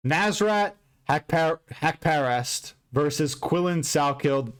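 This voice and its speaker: A man giving a casual, profane and rambling recap of a fight card, with bursts of excitement. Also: mid-range voice, brisk. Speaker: MMA commentator recapping fights.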